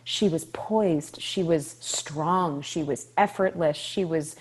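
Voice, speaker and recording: A woman in her twenties, a Broadway actress, telling stories in a casual interview, animated and emphatic, repeating phrases for effect and laughing often. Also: sits low, takes it slowly, slightly rough. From California. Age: 20s.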